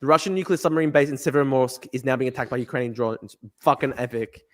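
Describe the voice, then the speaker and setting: A young man hosting a livestream, excitable and profane, reading viewer comments aloud. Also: mid-range voice, fast. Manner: excitable, profane, laughing, reads chat aloud. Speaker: livestream host.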